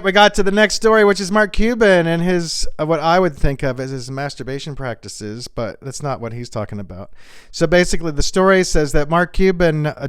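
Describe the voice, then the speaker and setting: A man's voice: a little high, smooth, no echo, clean studio sound. Crude, rambling man joking about the news. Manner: rambling, crude, jokey asides. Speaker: comedian host. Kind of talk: stand-up style celebrity news jokes.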